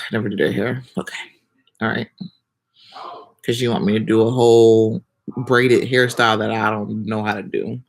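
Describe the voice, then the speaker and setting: Woman livestreamer with a gravelly edge, answering viewers defensively in casual slang. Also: extremely low pitch, level tone, a little slow, long pauses. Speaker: livestreamer reading comments.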